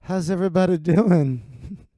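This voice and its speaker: A man's voice: high-pitched, measured pace, dark tone, no room sound. A man hosting his own comedy livestream, rambling and cursing in a casual, self-deprecating monologue. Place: home streaming setup.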